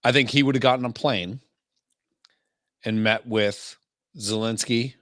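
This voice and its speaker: A man's voice: medium pitch, fairly even intonation, unhurried, fairly bright tone, no echo, studio quality. A man co-hosting a casual podcast, blunt and crude, giving strong opinions. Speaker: podcast co-host.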